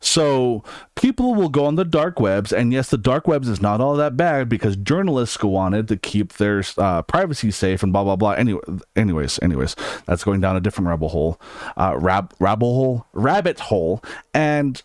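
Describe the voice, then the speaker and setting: A man's voice: on the low side, expressive, moderate pace, darkish tone, dry recording, clean studio sound. A man ranting in a crude, joking, rambling way, full of slang and profanity, as a YouTuber. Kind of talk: edgy casual rant.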